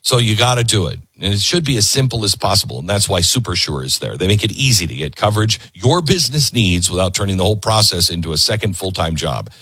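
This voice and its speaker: A man's voice: fairly low pitch, animated, fast, few pauses, a bit bright, slightly rough, no room sound. Sarcastic ranting talk radio host, man. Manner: sarcastic, ranting, mocking voices. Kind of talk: opinionated political talk radio.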